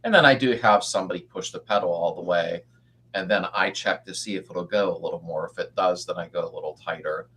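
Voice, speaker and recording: An older man with a fairly low voice hosts a relaxed live chat for viewers. He rambles in a folksy, easygoing way, trails off mid-sentence and greets people by name as he goes. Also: a little fast, slightly rough. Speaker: livestream host. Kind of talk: casual live-stream chat.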